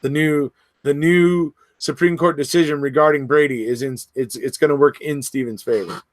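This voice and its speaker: A man's voice: a little high, fairly even intonation, moderate pace, no echo. Guy on a livestream reading chat comments, casual and rambly, dry close sound. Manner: chatty, reads comments aloud and answers, frequent restarts and fillers.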